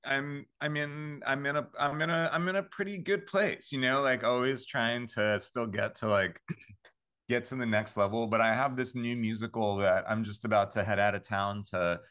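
A man's voice: mid-range voice, steady tone, moderate pace, bright, forceful tone, smooth. A man, a composer, telling stories in a casual interview, rambling with lots of fillers and restarts. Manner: rambling, many fillers and restarts, laughs often. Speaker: composer and podcast guest.

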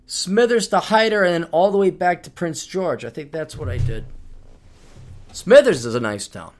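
A man's voice: high-pitched, moderate pace. A middle-aged man hosting a podcast, telling travel stories in a loose, rambling way and laughing as he goes. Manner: rambling, animated storytelling with laughter. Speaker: podcast host. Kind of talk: casual monologue.

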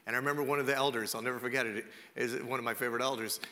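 Guy pastor preaching, bright voice, swoopy pitch, big hall echo. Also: racing. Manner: animated storytelling, conversational, asks rhetorical questions. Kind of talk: sermon. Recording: echoey hall reverb.

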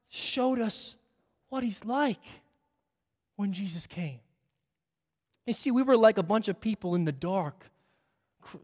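A pastor preaching a sermon, swinging from hushed near-whispers up to ringing, almost shouted climaxes. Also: male voice, high-pitched, big-room sound.

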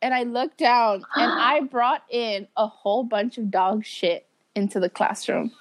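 Young female podcast co-host, higher voice, casual storyteller who giggles and does quotes. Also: fairly even intonation, a little slow. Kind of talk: casual chat.

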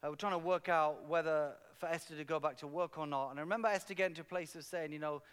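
A man preaching a sermon as a pastor, telling a personal story and building to loud, passionate emphasis. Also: on the high side, fairly even intonation, quick pace, smooth. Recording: long hall reverb.

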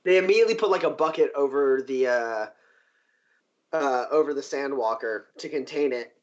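As game master, a man narrates a tabletop game in an animated, loose manner, often breaking into high cheering crowd voices. The highs in the audio are cut off.

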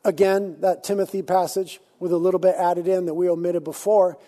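A man preaching a sermon in an animated, conversational way, slipping into casual slang. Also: high voice, a little fast. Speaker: pastor.

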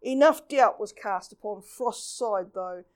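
A woman giving a lively local history talk, reading old newspaper reports and acting out quotes. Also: medium pitch, a little slow.

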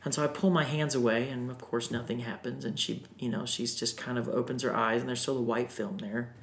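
Male storyteller, animated and emotional, podcast guest, mid pitch, echoey room. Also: a little fast. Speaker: guest singer. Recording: roomy echo.

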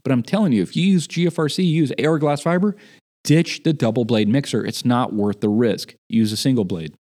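A man in casual chat, telling an animated story about a job gone wrong. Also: medium pitch, a little fast. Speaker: podcast guest.

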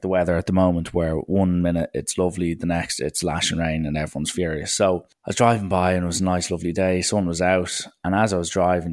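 Deep-voiced young Irish man telling a story. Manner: animated, acts out other people's lines in shifting voices. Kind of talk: casual anecdote monologue.

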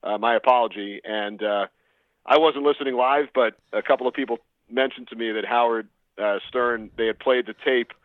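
A man, a sports broadcaster being interviewed, telling stories in a measured way with many pauses. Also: mid-range voice, steady tone, no echo. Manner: measured storytelling with frequent "uh" pauses. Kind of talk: casual interview answers. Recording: tinny phone line.

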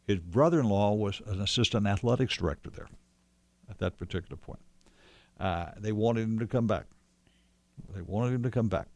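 A man with a fairly low voice tells a long story about an old friend. He rambles, restarts his sentences and acts out the dialogue. The sound is dry and close, with no room around it. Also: moderate pace, long pauses, a little mellow, no echo. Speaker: storyteller guest recalling a friend. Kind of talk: casual conversational storytelling.

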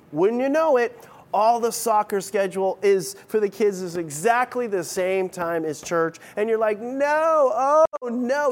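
A middle-aged man preaching a sermon as pastor, conversational and playful, with frequent restarts. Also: high-pitched.

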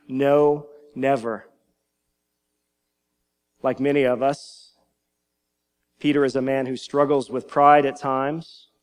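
A male pastor preaching a sermon in an earnest teaching manner, now and then repeating a word as he goes. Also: medium pitch.

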